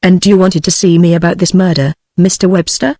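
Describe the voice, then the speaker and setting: A synthetic woman's voice reading a brisk young reporter. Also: high-pitched, no room sound, clean studio sound. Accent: British English. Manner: even, measured text-to-speech delivery.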